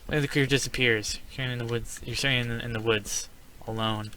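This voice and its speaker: Bright-voiced man reading a text game aloud. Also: mid-range voice, fairly even intonation, fast talker, a little hiss or hum. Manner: reads story text aloud, then breaks into startled exclamations. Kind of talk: casual let's-play narration.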